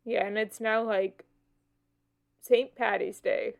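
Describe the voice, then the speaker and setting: A woman's voice: a little high, slow, gravelly. A young woman co-hosting a podcast, chatting casually and looking things up as she talks. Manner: relaxed, reads snippets aloud while looking things up. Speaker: podcast co-host. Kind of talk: casual chat.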